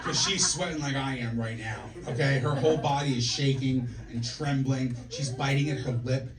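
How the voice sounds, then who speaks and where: A man's voice: medium pitch, steady tone, normal speed. Brash profane stand-up comic man. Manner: brash, profane, punchy storytelling to the crowd. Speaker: stand-up comedian. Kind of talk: stand-up comedy set. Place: comedy club stage. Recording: echoey club from a distance, audience laughter. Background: audience laughing.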